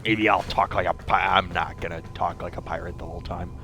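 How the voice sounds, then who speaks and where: A young man streaming a game, rambling in casual commentary with free swearing, self-mocking asides, and a scratchy throat he keeps clearing. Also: sits low, fairly even intonation, a little fast, sharp tone.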